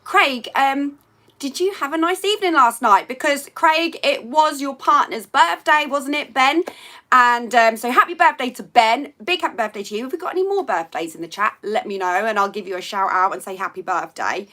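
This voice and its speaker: Bright chatty woman live streaming. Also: high voice, normal speed. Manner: chatty, rambling, reads out chat comments. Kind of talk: casual live chat with viewers. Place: at home by a sunny window.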